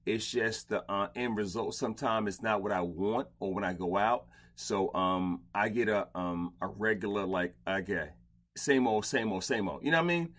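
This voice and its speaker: A man's voice: fairly low pitch, normal speed. Blunt, swearing middle-aged man hosting. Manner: blunt, profane and animated. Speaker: podcast host. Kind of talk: casual interview chat. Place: home closet padded with blankets.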